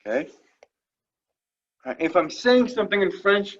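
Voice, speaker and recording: A man's voice: high-pitched, big pitch swings, a little slow, highs cut off. A man teaching French vocabulary to a class, explaining each phrase patiently and checking in after each one. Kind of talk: classroom lesson.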